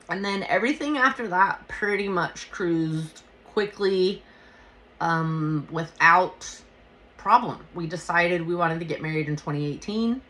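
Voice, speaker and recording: A woman hosting a podcast, telling a personal story in a casual, animated way and swearing freely. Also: mid-range voice, takes it slowly, long pauses. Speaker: podcast host.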